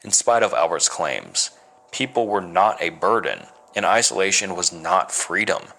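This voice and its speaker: A man reading a first-person horror story as narrator, measured and dramatic. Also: sits low, lively intonation, vocal fry, sharp tone.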